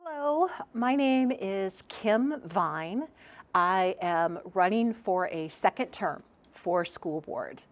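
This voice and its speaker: A woman's voice: medium pitch, lively intonation, slow pace. A woman in her fifties giving an earnest candidate statement for school board.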